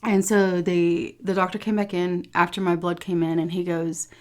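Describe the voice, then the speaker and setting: A woman's voice: on the low side, little pitch movement, normal speed. A young woman vlogger telling a personal story to her viewers in a casual, chatty way, swearing now and then and laughing. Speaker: food vlogger.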